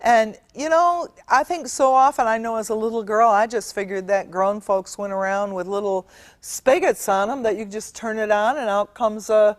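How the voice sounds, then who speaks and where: A woman's voice: mid-range voice, moderate pace, no echo. A middle-aged woman giving an earnest, emphatic Bible teaching in a studio, stretching out key words and using fillers. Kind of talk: teaching sermon.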